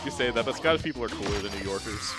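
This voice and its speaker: A man talking fast while streaming a game, with game music playing clearly behind him. He rambles and drops deadpan jokes in a casual chat. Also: mid-range voice.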